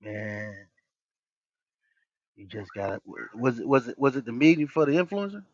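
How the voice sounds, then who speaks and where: A man's voice: mid-range voice, sing-song, moderate pace, dry recording. A man hosting a livestream, chatting casually and joking with his viewers in a loose, rambling way. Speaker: livestream host. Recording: dull, dry lo-fi stream audio.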